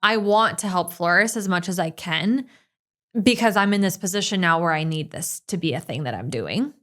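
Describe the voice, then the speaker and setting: A woman's voice: lowish voice, lively intonation, normal speed, fairly bright tone. A woman hosting a podcast, talking in a casual, enthusiastic and emphatic way. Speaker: podcast host, business owner.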